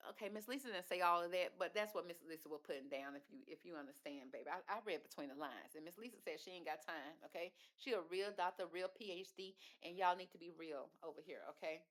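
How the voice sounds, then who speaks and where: A woman's voice: lowish voice, quick pace, few pauses, a bit bright. A woman reviewing a reality show in casual, gossipy talk, with sassy asides and calling listeners baby and girl. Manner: sassy asides ending in "okay?". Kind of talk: casual video commentary.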